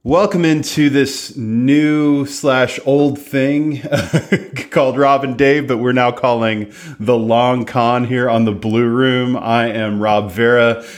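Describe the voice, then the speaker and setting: A man hosting a casual football podcast, wry and quick to laugh. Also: mid-range voice, steady tone. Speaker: podcast host.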